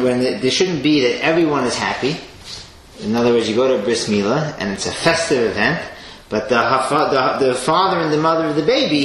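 A man teaching a Torah class with an animated delivery, swinging between loud emphasis and quiet asides and sprinkling in Hebrew and Yiddish terms. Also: a little high. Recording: echoey room with faint noise.

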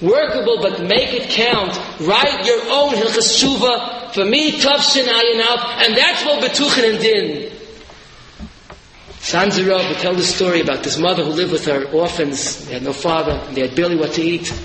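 High, bright-voiced preacher man in echoey hall. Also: moderate pace, crowd noise. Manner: animated storytelling, rising to shouted emphasis. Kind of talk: sermon.

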